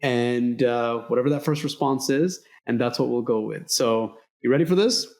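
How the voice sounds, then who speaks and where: A middle-aged man hosting an interview podcast, speaking in an earnest, motivational way. His voice sits at an ordinary middle pitch, and he brings remembered conversations to life with lively emphasis. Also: moderate pace. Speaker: podcast host.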